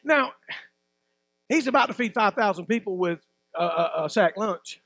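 High-pitched folksy preacher. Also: male voice, lively intonation, moderate pace. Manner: folksy, preacherly, swings between loud emphatic bursts and low asides. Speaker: pastor. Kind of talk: sermon.

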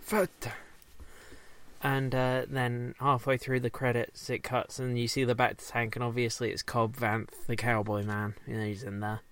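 A man's voice: mid-range voice, level tone, fairly bright tone, clear, resonant tone. Rambling, swearing man recapping. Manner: rambling, swears often, does silly quick voices for characters. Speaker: podcast co-host recapping a show. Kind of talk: casual chat.

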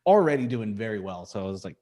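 A man, a comedian guest in a casual chat, rambling with lots of filler words and getting animated when he quotes people. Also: fairly low pitch, fast talker.

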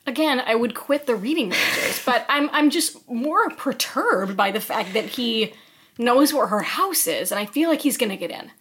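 A woman's voice: a little high, lively intonation, moderate pace, a bit bright, breathy edge. A young woman co-hosting a podcast, chatting casually and reacting expressively and squeamishly. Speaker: podcast co-host. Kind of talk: casual chat.

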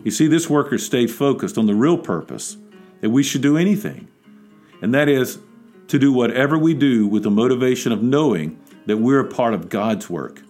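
A man's voice: mid-range voice, lively intonation, normal speed, darkish tone, faint music behind. A man preaching a devotional podcast sermon, exhorting and emphatic, building to urgent peaks.

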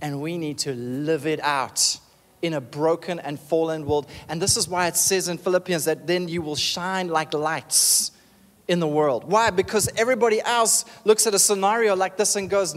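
High-voiced preacher, echoing hall. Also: male voice, normal speed. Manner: animated, emphatic, calls for amens. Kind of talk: sermon.

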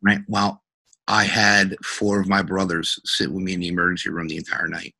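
Speaking low and husky, with a forceful, bright edge, a middle-aged police officer shares a personal story as a podcast interview guest. His delivery is completely flat; he talks haltingly and earnestly, often stopping to restart or fill pauses.

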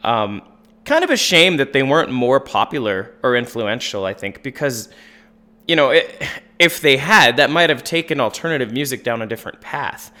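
Bright, clear-voiced man reviewing an album. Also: mid-range voice, moderate pace. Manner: relaxed, rambling, many fillers and restarts. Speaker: podcast panelist. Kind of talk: casual album review chat.

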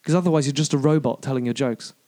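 A man whose first language is French, hosting a casual chat about comedy, animated and swearing as he rants and acts out quotes. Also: mid-range voice, fast talker. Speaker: comedian podcast host.

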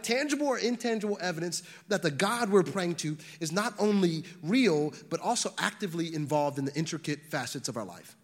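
A man, a pastor, preaching a sermon in a conversational way to a congregation, often restarting words and using fillers. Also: high voice. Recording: long reverb of a large hall.

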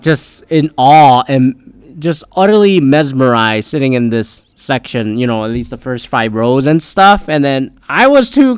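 A man's voice: on the high side, clean tone, no echo. Rambling, foul-mouthed young man. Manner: rambling, heavy swearing, frequent fillers. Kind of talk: casual storytelling.

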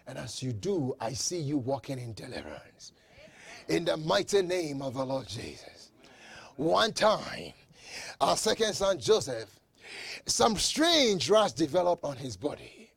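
Man, preacher, sermon, slow drawn-out delivery, dry close sound. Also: very animated, creaky, husky, dry recording. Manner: shouting with dramatic slow emphasis; swings between loud proclamations and low asides.

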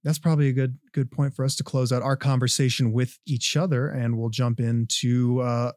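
A man hosting a podcast wraps up a casual chat in a loose, joking way. His mid-range voice is a little mellow, with fairly even intonation and normal speed, captured in a dry, studio-quality recording.

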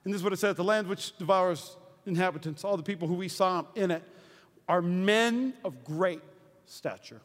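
A man preaching with a very high, bright, ringing voice. He swings from shouting to near-whispers, and his words echo through a long-reverb church hall. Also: moderate pace. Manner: energetic, swings from shouting to hushed. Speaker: pastor. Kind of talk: sermon.

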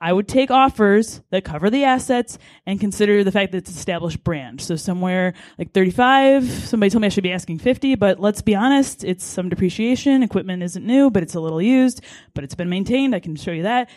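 A woman, a coffee shop owner, pitching her business in a chatty, candid way. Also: expressive, brisk, a little mellow, no echo. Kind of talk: informal sales pitch.

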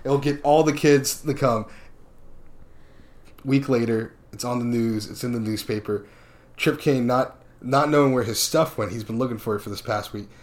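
A man chatting casually and animatedly as he retells a movie plot, slipping into quick character voices. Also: medium pitch. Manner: animated storyteller who slips into character voices and laughs often.

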